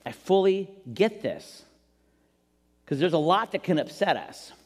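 A man preaching a sermon as pastor, animated and jokey, acting out quotes as he goes. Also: high voice, a little slow. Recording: long reverb in a large hall.

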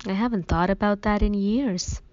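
A woman voicing a stubborn, downcast young woman, an older sister, in a slightly higher, raised voice. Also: moderate pace, a little mellow, no echo, close to an everyday voice. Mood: wistful. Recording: dull, dry studio sound.

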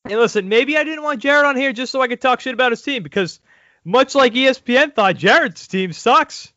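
A man hosting a casual sports podcast, talking in an animated, crude way with laughing asides. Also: very high-pitched, fairly quick, dry recording. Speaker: podcast host. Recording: dull lo-fi audio.

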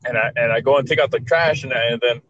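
A man's voice: medium pitch, quick pace, fairly bright tone, no room sound, muffled recording. A young man telling creepy stories in a casual chat, rambling with heavy slang, swearing and many restarts.

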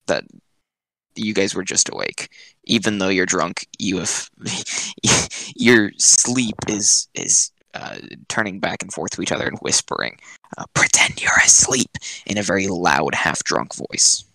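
A man's voice: sits low, unhurried, gravelly, bright, forceful tone, no echo, rough recording. A man narrating as game master for a tabletop game, hesitant with many ums and restarts.

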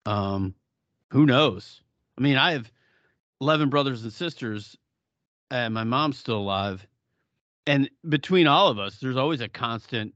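A man's voice: medium pitch, lively intonation, measured pace, long pauses, a bit bright, no echo, dull audio. A middle-aged man co-hosting a podcast in casual chat, blunt and profane, often laughing. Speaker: podcast co-host.

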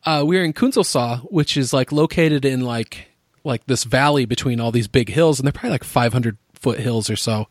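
A man's voice: medium pitch, fairly quick, dry recording, clean studio sound. Chatty, profane man. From United States. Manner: rambling, profane, laughs often. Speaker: podcast co-host. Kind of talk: casual storytelling chat.

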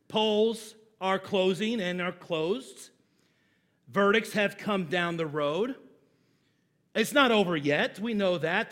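A man pastor preaching a sermon in a church, leading call-and-response with slow, deliberate delivery and sudden loud emphases. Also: sits high.

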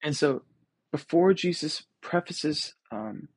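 A man's voice: on the high side, lively intonation, takes it slowly, breathy edge, dry recording. A young man hosting a podcast, reflecting on scripture in a casual, earnest way with many ums and restarts. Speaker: podcast host.

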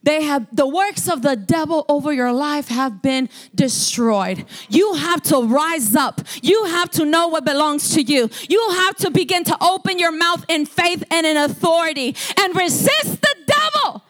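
The pastor's voice sits high as she preaches, going from quiet narrative to loud, prolonged shouted declarations. She repeats words and starts them over again often.

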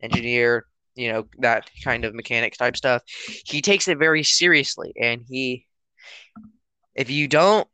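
A teenage man co-hosting a podcast in casual chat, rambling and acting out his parents in loud quotes. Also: medium pitch, measured pace, smooth, no room sound, low-quality recording. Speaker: podcast co-host.

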